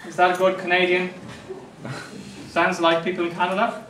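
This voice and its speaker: A man's voice: high-pitched, monotone, moderate pace, noisy background. A man with an Irish accent lecturing a class in a jokey way, often checking that students understand. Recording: echoey room, mic from far off.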